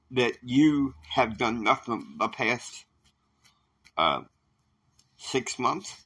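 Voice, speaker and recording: A man plays himself in an amateur political role-play, pressing his complaints with indignation. His voice is bright and forceful, and his pitch moves with lively swings as he argues. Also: drawn-out words, pauses often, breathy edge. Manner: indignant, confrontational.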